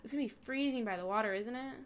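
Young woman gamer host, talks back at characters, fairly high voice, casual commentary. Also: rapid-fire, slight background noise. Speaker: gaming video host. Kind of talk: casual let's-play commentary.

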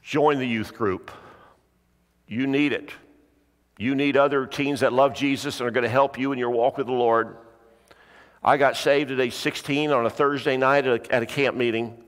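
A middle-aged male pastor delivering a sermon with earnest, repetitive exhortations and frequent throat clearing. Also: medium pitch, steady tone, normal speed. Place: church sanctuary. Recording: long hall reverb.

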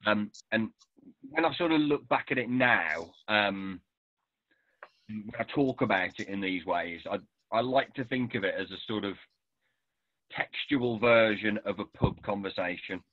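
A man's voice: on the low side, dry recording, lo-fi sound. Thoughtful man on a call. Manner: thoughtful, halting with restarts. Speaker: novelist and poet. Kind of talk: conversational author interview. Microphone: video call.

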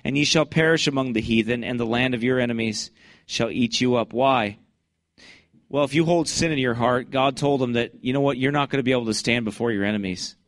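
Fiery man preaching, mid-pitched, bursts loud on scripture, dry close sound. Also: fairly quick, dry recording. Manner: fervent, swings to loud high-pitched bursts when reading scripture. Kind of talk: fiery Baptist sermon.

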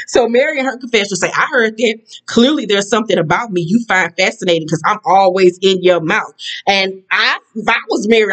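A woman's voice: mid-range voice, fairly bright tone. A woman vlogger recapping a reality show episode in a sassy, blunt, casual way, swearing freely and laughing at her own jokes.

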